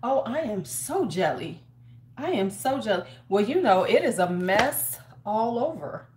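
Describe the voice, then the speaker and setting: A woman's voice: mid-range voice, big pitch swings, a little slow, a little mellow. A woman hosting a casual beauty livestream from her home, chatting, greeting viewers by name and talking to herself as she works. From United States. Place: home in winter.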